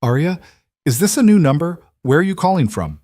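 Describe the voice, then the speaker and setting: A man's voice: on the high side, very animated, a little fast, a little mellow, no echo, clean studio sound, voice pushed up. A man doing a tearful worried mother.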